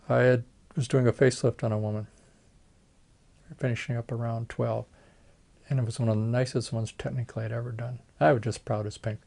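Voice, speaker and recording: A man's voice: medium pitch, creaky, a little mellow. An older man, a retired plastic surgeon, telling folksy stories in an oral history interview and acting out the voices of people he quotes.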